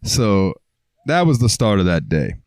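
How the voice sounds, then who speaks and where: A man's voice: fairly low pitch, sing-song, a little slow, a little mellow, no echo, clean studio sound. A young man hosting a podcast, telling a story in a rambling, profane, casual way. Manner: rambling, profane, lots of fillers. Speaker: podcast host.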